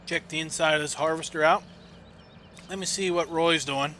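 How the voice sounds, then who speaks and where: Rambling game streamer, a man with a fairly high, very bright voice, quiet hum behind. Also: steady tone, normal speed. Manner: rambling, chatty, with many fillers. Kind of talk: casual gameplay chat and storytelling.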